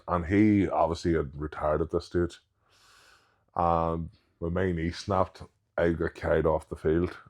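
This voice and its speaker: A man, a professional strongman guest on a podcast, telling anecdotes in casual chat and acting out what others said. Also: deep voice. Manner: anecdotal, quotes others in retold dialogue.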